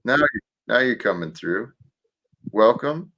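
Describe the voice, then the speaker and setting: A man's voice: medium pitch, animated, measured pace, muffled recording. A man hosting a livestream, talking casually and reflectively about faith and life, with some restarts. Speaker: livestream host.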